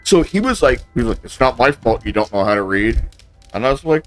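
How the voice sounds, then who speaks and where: A man in casual chat over a game, spinning a long, meandering complaint and switching between his own voice and the people he quotes. His pitch sits right in the middle for a man. Soft game music plays faintly underneath. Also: big pitch swings, fairly quick. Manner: rambling storyteller, acts out both sides of quoted exchanges. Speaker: gaming channel host. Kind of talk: casual chat while gaming.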